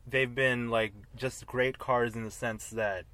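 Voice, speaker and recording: A man's voice: mid-range voice, steady tone, bright, forceful tone. Easygoing man hosting a car chat. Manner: easygoing, quick laugher, enthusiastic about cars. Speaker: podcast host. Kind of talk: casual chat. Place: inside a car.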